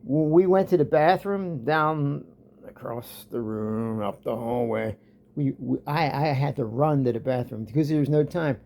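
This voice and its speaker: Man, gravelly voice, dark tone, rambling, sarcastic rant. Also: medium pitch, unhurried, a little hiss or hum. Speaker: vlogger.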